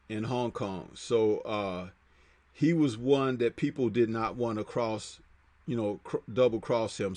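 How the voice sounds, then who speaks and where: A man hosts a casual livestream, speaking loosely with plenty of fillers and reading viewer comments out loud. His voice is a little mellow on a dry recording, and it drops low when he makes asides.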